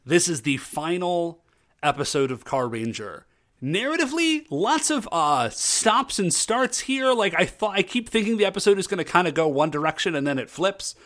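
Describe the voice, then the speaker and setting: Lively, animated man recapping a show. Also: high voice. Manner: animated, acts out characters in quick voices. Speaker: podcast co-host. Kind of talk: casual chat recapping a TV show.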